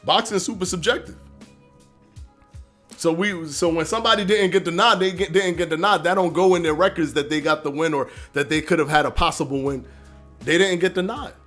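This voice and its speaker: A man hosting a live stream, arguing his points and answering chat comments in a casual, animated way. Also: fairly high pitch, fairly quick, soft background music. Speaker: livestream host reading chat.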